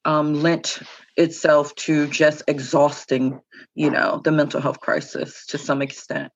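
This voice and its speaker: A woman's voice: sits low, level tone, a little slow. A woman who is a public relations director, answering interview questions in an agreeable, emphatic way, heard over a dull lo-fi remote line.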